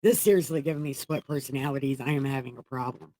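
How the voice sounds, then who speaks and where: A woman's voice: low-pitched, brisk, few pauses, darkish tone, no room sound, poor audio. A woman reading the Bible on a livestream in a comedic, casual way, irreverent and profane, chatting with viewers.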